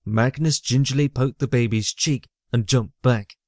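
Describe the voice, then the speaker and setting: A man reading a fantasy novel aloud as the audiobook narrator, in a measured storytelling way. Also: mid-range voice, darkish tone, no echo. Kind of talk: scripted narration. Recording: dry close mic.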